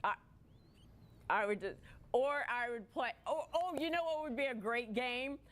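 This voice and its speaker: A woman's voice: a little high, animated, normal speed. A woman hosting a live TV shopping show, chatting playfully while presenting. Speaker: home shopping host.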